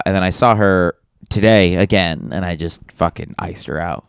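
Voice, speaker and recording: A man's voice: low voice, a little fast, clear, resonant tone, no echo, clean studio sound. A man co-hosting a podcast in casual chat, rambling through stories, laughing often and swearing. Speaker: podcast co-host.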